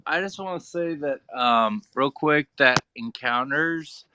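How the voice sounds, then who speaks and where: A man in casual group chat, earnest and halting with many fillers. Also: on the high side, background noise. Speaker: group audio chat participant.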